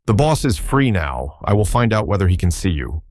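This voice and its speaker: A man's voice: low-pitched, very animated, brisk, darkish tone. Man doing a self-important office boy. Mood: polite. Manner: polite, self-important, confiding.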